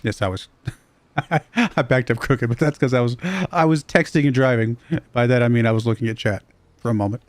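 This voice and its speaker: A man with a faint Southern US accent talks through his game in a loose, rambling way, chuckling often. His voice sits in a middle pitch. It comes across dry and close, with no room sound. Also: moderate pace, no room sound. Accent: slight Southern US. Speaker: livestream gamer. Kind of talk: casual livestream commentary.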